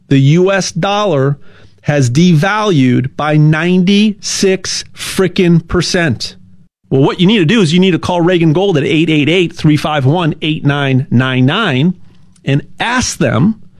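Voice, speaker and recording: A man giving a casual, rambling sales pitch, stumbling over repeated words and cracking jokes. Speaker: gold sales ad host.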